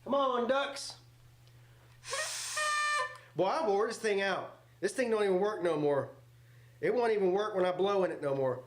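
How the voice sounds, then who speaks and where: In a reverberant space with a noisy background, a man hosts a live football reaction stream. His high-pitched voice is animated and brisk as he jokes, swears freely and talks back to chat in loud, casual commentary.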